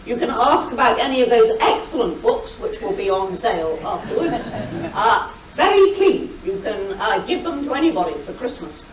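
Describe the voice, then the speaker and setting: Captured from afar via video call, this older woman speaks to a meeting hall as guest speaker, spinning an anecdotal after-dinner talk. She's a brisk, witty storyteller who imitates quotes that were shouted, her fairly high voice sing-song against a little background noise.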